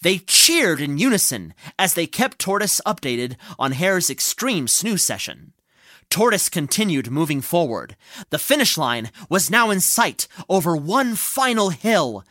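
A bright, clear storyteller who takes their time, letting the pitch rise and fall widely across each line. The telling is gentle and playful, like a bedtime fable. It is recorded close and dry, with no room sound. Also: very animated, unhurried, dry recording. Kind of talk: storytelling with banter.

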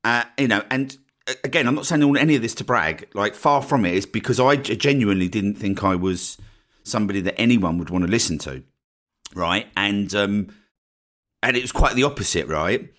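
A man's voice: fairly low pitch, lively intonation, brisk, fairly bright tone. A man with an Essex accent from northeast England hosting his own podcast, talking casually and often checking in with "right?" at the end of his points. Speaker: podcast host. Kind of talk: casual solo podcast talk.

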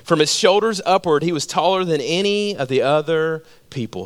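A male pastor delivers a sermon with a notably high-pitched voice. He tells stories in an animated way and keeps drawing listeners in with rhetorical questions. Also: moderate pace.

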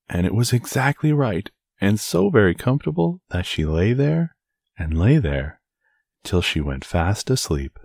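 A man narrating a bedtime fairy tale in an expressive, soothing read-aloud manner. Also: on the low side, a little slow, gravelly, no echo, clean studio sound. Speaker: storyteller.

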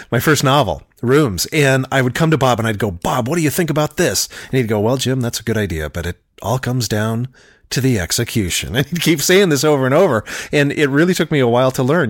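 A man's voice: medium pitch, dry recording. Dry-voiced male podcast co-host. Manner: relaxed storytelling, easy laughs. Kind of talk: casual chat.

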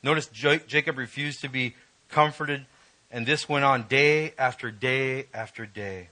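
A male preacher giving an emotional, emphatic sermon, reading scripture and rising in pitch when stirred. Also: measured pace, bright, forceful tone, low-quality recording.

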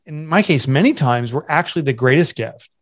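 A man's voice: on the high side, lively intonation, a little fast. Earnest man sharing a hard story. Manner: earnest, confessional, restarts often. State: emotional, voice catching. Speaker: guest, entrepreneur and author. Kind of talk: candid interview storytelling.

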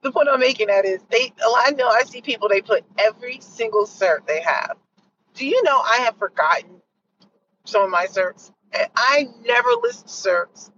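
A woman's voice: a little high, moderate pace, slight background noise. Middle-aged woman host, distant muffled mic. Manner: animated, acts out others' lines with laughs. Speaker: podcast host. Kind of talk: casual storytelling monologue.

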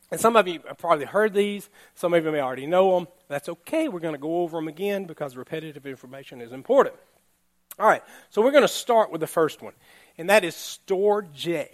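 A man pastor giving a relaxed, conversational sermon, laughing now and then and often checking in with the congregation. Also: on the high side. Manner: chatty, laughing, keeps asking "all right?".

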